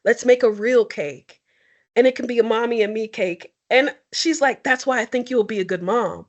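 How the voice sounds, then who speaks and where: Casting: young adult woman, slightly high voice, candid, expressive, emotional podcast co-host. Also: moderate pace, highs cut off. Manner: expressive, tearful at times, candid. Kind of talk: emotional heartfelt conversation.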